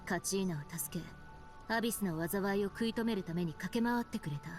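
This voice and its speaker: A woman's voice: medium pitch, racing, soft background music, lightly acted. An actress voicing an earnest, serious young woman in a video game, talking with urgency and worry. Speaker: game character. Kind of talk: Japanese video game voice acting.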